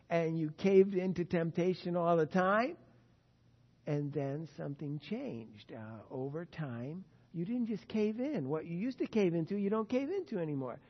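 A man preaching a sermon as pastor, earnest and emphatic, his loudness rising and falling. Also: a little high, long reverb tail, muffled recording.

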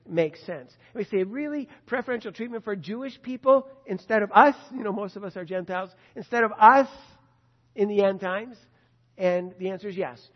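A man teaching from the Bible in a sermon style, emphatic and rising to loud stresses on key phrases. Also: sits high, in a large hall, lo-fi sound. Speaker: preacher.

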